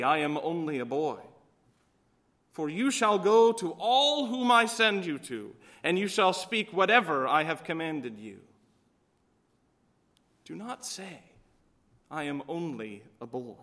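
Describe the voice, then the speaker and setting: Bright-voiced male pastor preaching. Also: high-pitched, sing-song, a little slow. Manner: storytelling with voiced quotes. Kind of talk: sermon.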